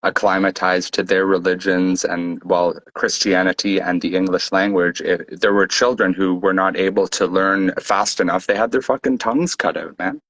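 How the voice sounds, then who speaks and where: Very deep-voiced man in casual chat. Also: moderate pace, few pauses, rough recording. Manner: relaxed, calls the host bro and dude.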